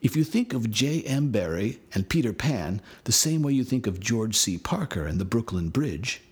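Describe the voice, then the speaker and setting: A man narrating a scripted lesson and reading a storybook aloud with expressive delivery. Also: mid-range voice, normal speed, breathy edge. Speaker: teacher, storyteller.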